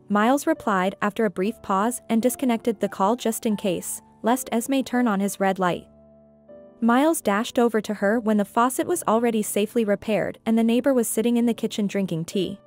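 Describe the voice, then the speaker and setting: A woman narrating a scripted story in an even, measured way. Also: medium pitch, soft background music.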